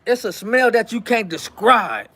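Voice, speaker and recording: A man hosting his show, telling a story in casual, animated fashion, acting out quotes and repeating lines for effect. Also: high voice, a little slow, faint music behind.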